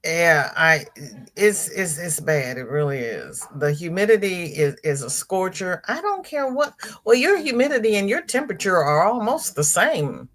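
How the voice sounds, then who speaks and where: A woman's voice: fairly low pitch, very animated, moderate pace, a little hiss or hum. A middle-aged woman hosting a casual livestream, greeting viewers by name and reading out their chat comments. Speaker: livestream host.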